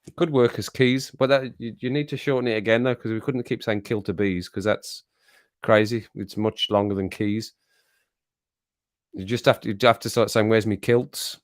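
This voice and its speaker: A man's voice: lowish voice, fairly even intonation, moderate pace. A middle-aged man hosting a casual live stream, teasing viewers, laughing often and repeating his phrases as he reads the chat. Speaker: livestream host reading chat.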